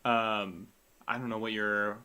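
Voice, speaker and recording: A man's voice: lowish voice, little pitch movement, slow pace, bright, forceful tone, clean tone. A man co-hosting a casual fantasy football podcast, thinking aloud and hedging as he talks. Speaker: podcast co-host. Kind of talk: casual sports chat.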